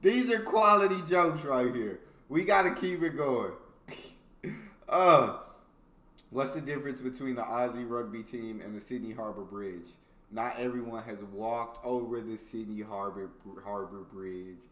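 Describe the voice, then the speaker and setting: A man's voice: mid-range voice, measured pace, a bit bright, echoey room. An American man hosting a reaction video, reading jokes aloud in casual commentary and laughing often between them. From United States.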